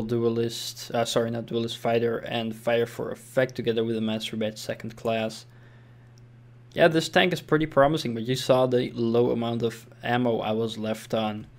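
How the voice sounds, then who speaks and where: This young man has a medium-pitched, slightly mellow voice. He casually comments over a replay of his own tank game, thinking aloud with fillers and restarts.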